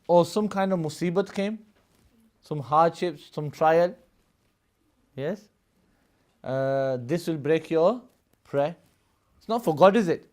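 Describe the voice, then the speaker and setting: His voice leans high and a bit mellow, slow and full of pauses. Teaching religious studies to a live class, he gives long explanations, laughs a lot and keeps checking on students with "Yes?" and "Yeah?".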